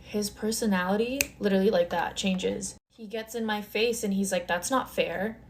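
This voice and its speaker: A young woman talks into her phone, retelling a story in a chatty, dramatic way with plenty of filler words. Her voice sits at a middle pitch. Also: steady tone, normal speed, a little hiss or hum. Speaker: storytime creator. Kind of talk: casual storytime chat. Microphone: phone camera.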